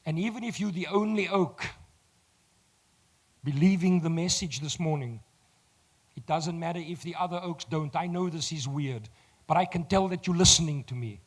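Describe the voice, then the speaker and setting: A South African man with a slightly raised pitch and a croaky, worn voice, giving a motivational talk to a live audience. He speaks straight to the crowd and teases them. His voice swells loud when he drives a point home. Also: moderate pace.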